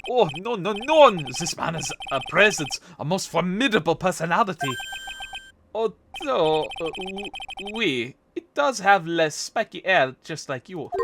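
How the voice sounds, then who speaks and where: Casting: man doing a dramatic French chef, high and lively, music bed underneath. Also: a little slow, background noise. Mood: flustered. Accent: French, put on. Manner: dramatic, melodramatic complaining. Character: flamboyant, fretful middle-aged male French chef. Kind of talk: reading game dialogue aloud.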